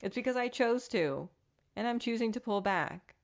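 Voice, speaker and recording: With a fairly high pitch and lively intonation, a woman speaks at a moderate pace, though the audio is dull. On her own podcast she offers casual, candid, reflective self-help talk, throwing in the occasional curse.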